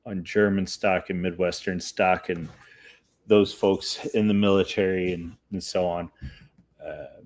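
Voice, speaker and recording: A man with a lowish voice hosts a relaxed podcast conversation. He tells stories with ease but hunts for words and restarts when he explains his views. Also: measured pace. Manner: searching, hesitant when explaining. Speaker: podcast host. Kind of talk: casual chat and storytelling.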